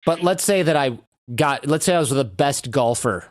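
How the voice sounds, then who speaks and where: A man's voice: fairly high pitch, normal speed, no echo, studio quality. A man, a guest on a podcast, telling stories in casual conversation and acting out the lines of people he quotes. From United States. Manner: animated storyteller who acts out quoted lines.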